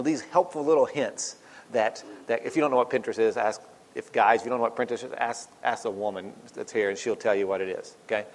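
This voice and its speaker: A man giving an informal devotional talk, rambling and chatty with lots of asides and self-mocking humor. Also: mid-range voice. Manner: rambling, chatty, with many "you know" asides. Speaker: speaker giving a church devotional. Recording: long hall reverb.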